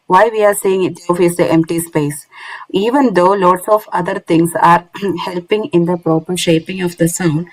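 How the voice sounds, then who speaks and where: A woman's voice: on the low side, rough recording. A woman teaching Quran recitation online in English with a non-native accent, explaining step by step and often checking with "isn't it?". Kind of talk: online lesson.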